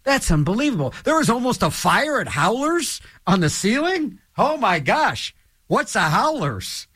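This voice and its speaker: A man's voice: on the high side, very animated, normal speed, gravelly, a bit bright, no room sound, studio quality, heavily acted. A man voicing a weary male survivor of the apocalypse, speaking in an incredulous, exclaiming way.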